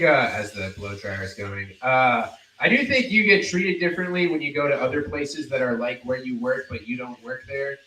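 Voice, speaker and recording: A man doing a stand-up comedy set, rambling and halting, with many fillers, in a basement cafe. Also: on the low side, bright, forceful tone, slight background noise. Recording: echoey basement, distant mic.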